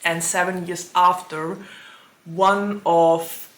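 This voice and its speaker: A woman with a sore throat talks slowly and unhurriedly in a lowish voice, chatting casually to the camera about books. She laughs often between thoughts, and the echoey room rings around her voice. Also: little pitch movement. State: sore throat, voice lower than usual. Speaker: booktube host. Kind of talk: casual to-camera book chat.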